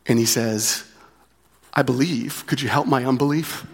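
A man's voice: mid-range voice, measured pace. Conversational male pastor preaching. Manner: conversational, with frequent tag questions; repeats key phrases for emphasis. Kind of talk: sermon.

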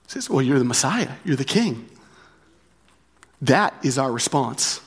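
A man's voice: medium pitch, very animated, unhurried, breathy edge. A man preaching a sermon as pastor, talking in a conversational way, repeating key phrases and often asking "right?". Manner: conversational, with frequent tag questions.

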